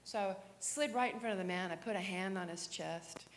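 A woman preaching a sermon, telling her story with animated swings from whispers to loud, fervent prayer. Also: mid-range voice, moderate pace. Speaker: guest preacher. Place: church sanctuary. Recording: long church hall reverb.

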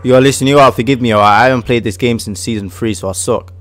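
An English man giving excitable casual commentary while playing a game, shouting at his teammate. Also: mid-range voice, fast talker, no echo. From England. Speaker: gaming video host.

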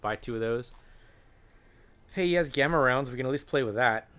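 A man's voice: medium pitch, moderate pace, fairly bright tone, clear, resonant tone. A man giving chatty, wry commentary while playing a video game, thinking aloud with frequent hesitations. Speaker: gaming channel host. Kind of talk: let's play commentary.

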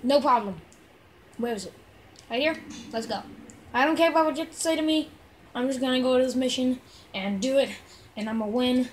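A young woman chats her way through a video game, her voice sitting high and bright. She gets excitable and shouts at enemies between muttered asides. The home recording carries a clear hiss of background noise. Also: a little fast, long pauses, rough recording. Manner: chatty, excitable, mocks enemies. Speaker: gamer. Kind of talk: casual gameplay commentary.

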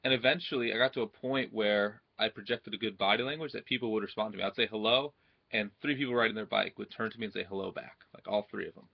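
A man's voice: fairly low pitch, quick pace, gravelly, highs cut off. A young man giving social confidence advice to his computer camera in a casual monologue, checking in with "right?" all the time. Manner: repeats "right?" often, acts out quoted greetings. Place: at home in front of his computer. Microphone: computer webcam mic.

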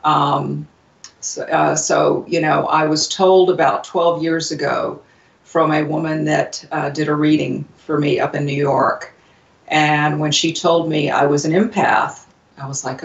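A woman guest on a radio show, telling a personal story earnestly with many pauses, fillers and restarts. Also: low voice, little pitch movement, creaky. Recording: distant, roomy, dull lo-fi sound.

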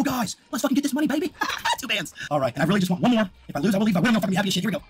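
Hyped-up husky streamer guy. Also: sits high, rapid-fire, few pauses. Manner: excitable, swears constantly, bursts into shouts. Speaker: gambling streamer. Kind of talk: live-stream reaction.

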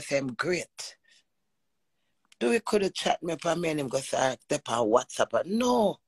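A woman with a Jamaican accent telling a personal story in an animated monologue, emphatic and profane, often slipping into quoted speech. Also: on the low side, slightly rough, dry recording, low-quality recording. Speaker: vlogger.

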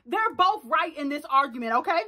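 A woman recapping a reality show in casual chat, animated and slangy, acting out bits of dialogue with loud exclamations and quick asides. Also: sits high. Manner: slangy, playful reenactments of dialogue. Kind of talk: casual reaction chat to camera.

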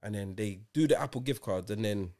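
A man in his forties co-hosting a podcast, telling stories in animated, insistent casual banter. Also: on the low side, brisk. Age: 40s. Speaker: podcast co-host.

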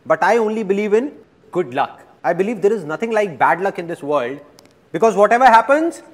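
A man gives a motivational seminar in a fairly high, very lively voice. He swings his pitch widely as he tells stories and jokes with the crowd. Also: fairly quick, noisy background. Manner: animated storyteller, joking with the crowd. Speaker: motivational speaker.

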